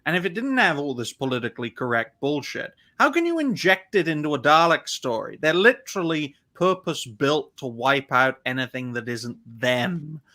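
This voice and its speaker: A man hosting a fan live stream, giving opinionated, ranting commentary in quick bursts. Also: a little high, bright, forceful tone.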